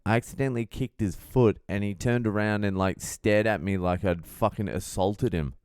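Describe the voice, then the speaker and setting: A man's voice: on the low side, normal speed, a little mellow, smooth, no room sound, studio quality. Blunt, profane male comedian. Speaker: podcast host, comedian. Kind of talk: casual storytelling monologue.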